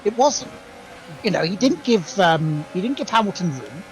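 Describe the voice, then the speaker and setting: A man's voice: high-pitched, very animated, normal speed, slight background noise, low-quality recording. A man co-hosting a podcast, making his case in a casual discussion and backing it with examples. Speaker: podcast co-host. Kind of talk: casual chat.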